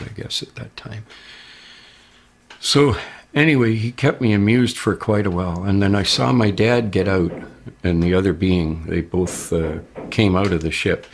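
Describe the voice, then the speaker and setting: A man's voice: low-pitched, vocal fry, slightly rough. A man giving a plain, rambling first-person account as a witness. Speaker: abduction witness.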